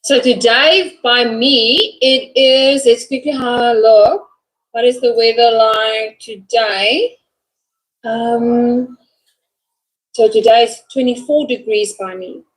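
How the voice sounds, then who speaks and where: Woman, English teacher, high voice, encouraging, video call. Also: steady tone, slow pace, low-quality recording. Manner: encouraging, prompting and praising. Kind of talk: online lesson.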